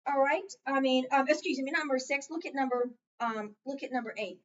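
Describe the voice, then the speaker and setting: Teacher drilling a small class. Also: female voice, high-pitched, steady tone, a little fast, a little hiss or hum. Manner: patient, call-and-response drilling. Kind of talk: classroom reading lesson. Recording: distant, muffled classroom recording.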